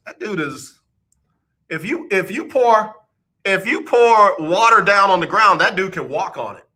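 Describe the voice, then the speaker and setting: A man's voice: high voice, big pitch swings, moderate pace, sharp tone, husky. A man hosting a radio show, chatting playfully about sports and teasing listeners by name. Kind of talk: casual sports radio talk.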